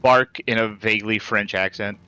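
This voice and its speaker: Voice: mid-range voice, fairly even intonation, moderate pace, pushed and bright, clear, resonant tone, soft background music. Dry, teasing stream co-host. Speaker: game stream co-commentator. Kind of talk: casual let's-play chat.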